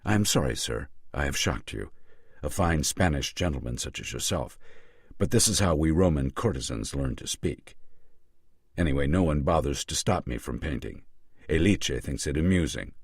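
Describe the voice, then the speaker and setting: A man's voice: a bass voice, expressive, moderate pace, husky, no room sound, clean studio sound, full character voice. A man reading an audiobook and voicing a frank, teasing Roman courtesan woman. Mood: mocking.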